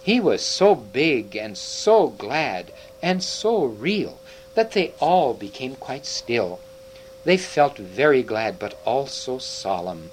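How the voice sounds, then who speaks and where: A man narrating a children's storybook aloud, his voice rising and falling in a very lively, expressive way. He sits at an everyday middle pitch and reads with gentle storytelling care. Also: slow pace, a little hiss or hum, low-quality recording.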